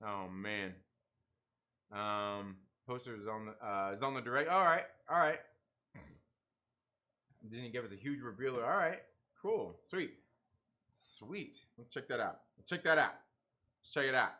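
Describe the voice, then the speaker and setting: A man's voice: medium pitch, animated, unhurried, pauses often, sharp tone. A man hosting a casual livestream who reads out chat comments, laughs often and banters with viewers. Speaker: livestream host.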